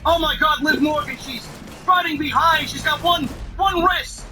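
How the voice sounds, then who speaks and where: A man's voice: very high-pitched, normal speed, low-quality recording. A man giving exasperated, sarcastic wrestling commentary, swearing heavily as he rants. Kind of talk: profane ranting commentary. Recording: voice off-mic with music behind.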